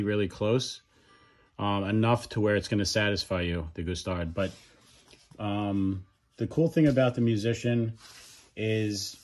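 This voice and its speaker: A man's voice: on the low side, a little mellow. A man giving a casual, frank product review, talking freely and often restarting or correcting himself mid-sentence. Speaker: audio gear reviewer.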